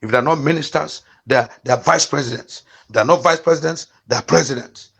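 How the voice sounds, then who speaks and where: Here a man from eastern Nigeria in his fifties hosts his channel with a voice that's a little high, fast, fairly bright and husky, with vocal fry. He delivers heated political commentary through repeated rallying calls, peppered with fillers.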